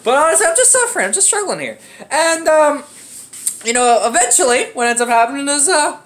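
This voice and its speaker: A man's voice: very high-pitched, brisk. A young man telling an embarrassing story in a casual, profane, dramatic way. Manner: animated, profane, dramatic with acted-out grunts.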